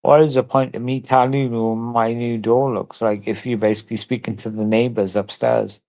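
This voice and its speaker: A man's voice: mid-range voice, level tone, normal speed, vocal fry, a little mellow, no room sound, low-quality recording. A drunk man, ranting on a livestream in a profane, rambling and repetitive way. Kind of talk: angry livestream rant.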